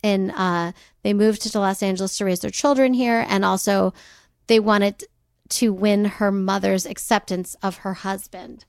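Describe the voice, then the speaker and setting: A woman co-hosting a podcast, telling a story in casual chat, animated and often laughing. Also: medium pitch, a little slow, no echo, studio quality. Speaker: podcast co-host.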